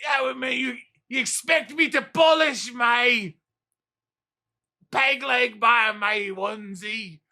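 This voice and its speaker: A man voicing a blustering old British pirate with a peg leg, in a loud, slow, put-on accent. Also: very high voice, vocal fry, voice pushed up, heavily acted. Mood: indignant.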